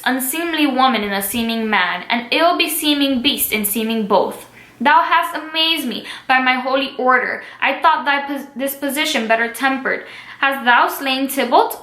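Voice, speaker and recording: A woman's voice: high-pitched, pushed and bright. A woman reading the part of a stern older male friar who lectures a young man, in an earnest read-aloud voice. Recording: echoey room.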